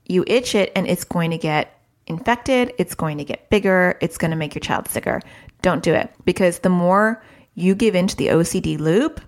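A woman's voice: fairly low pitch, normal speed. A woman hosting a parenting podcast, talking frankly and casually and laughing at herself now and then. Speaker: podcast host, parenting educator.

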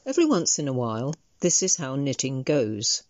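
Woman essayist, deep voice, wry storytelling, dry, dull recording. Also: very animated, moderate pace, darkish tone, dry recording. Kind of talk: reading a personal essay. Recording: dull lo-fi sound.

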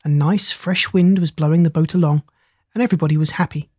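Husky storybook narrator, steady reading, dry close sound, middle pitch. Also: fast, no echo. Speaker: audiobook narrator.

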